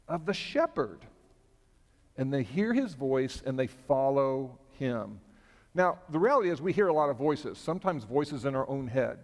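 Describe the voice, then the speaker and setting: A man leading a children's sermon in church, friendly and asking the kids questions. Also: fairly high pitch. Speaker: pastor leading a children's message. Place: church sanctuary. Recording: long church reverb.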